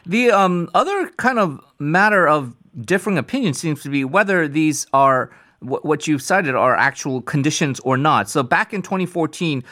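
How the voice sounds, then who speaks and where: A man's voice: fairly high pitch, expressive, normal speed, pushed and bright. A man hosting a radio interview, introducing the guest and framing questions in a conversational way, with frequent filler sounds.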